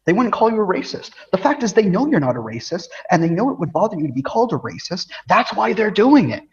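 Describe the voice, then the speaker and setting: A man co-hosts a casual podcast and talks in quick, emphatic bursts. He restarts and repeats words as he drives his point home. The audio is dull and lo-fi. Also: sits high, big pitch swings, slightly rough. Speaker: podcast co-host.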